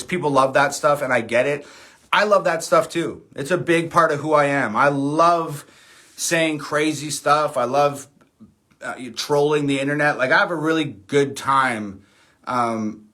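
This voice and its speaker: A man's voice: medium pitch, sharp tone. A man chatting casually on a livestream, rambling and candid with frequent fillers and the odd curse word. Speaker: livestream host.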